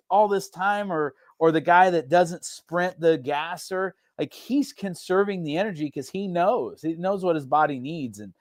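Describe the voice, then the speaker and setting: A man, a head football coach talking casually on a podcast in a relaxed, rambling way with many restarts. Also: a little high, no room sound, studio quality.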